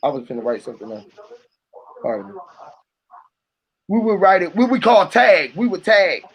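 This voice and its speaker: A man's voice: high voice, very animated, moderate pace, low-quality recording. A man talking casually to camera in a profane, musing, freewheeling way. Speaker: vlogger. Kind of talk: casual rambling talk to camera.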